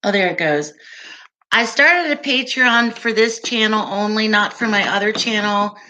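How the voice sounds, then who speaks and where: A woman's voice: medium pitch, moderate pace, bright, forceful tone, a little hiss or hum. A woman hosting a casual livestream, chatting with viewers, laughing often and answering their comments. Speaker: livestream host.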